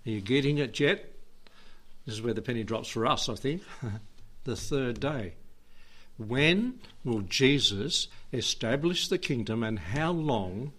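A man pastor preaching a sermon, chatty and questioning, reading scripture slowly with emphasis and laughing now and then. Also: mid-range voice, a bit bright. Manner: conversational preaching, asks the congregation questions, chuckles often.

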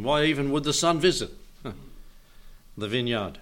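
A man's voice: mid-range voice, animated, slow, fairly bright tone. An older man preaching a Bible teaching sermon in a folksy way, chuckling often and asking his listeners questions.

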